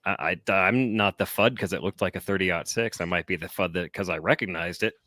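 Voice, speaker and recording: A man's voice: sits low, brisk, pushed and bright. A man co-hosting a podcast, laid-back and wry in casual chat. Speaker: podcast co-host.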